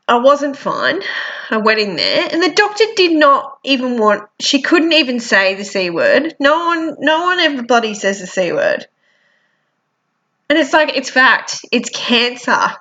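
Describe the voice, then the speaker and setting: Woman, vlogger, teary and sniffly, blunt and sweary, high bright voice, unhurried pace, dull lo-fi sound. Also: very animated. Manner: blunt and frank, swears freely. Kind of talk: candid personal vlog.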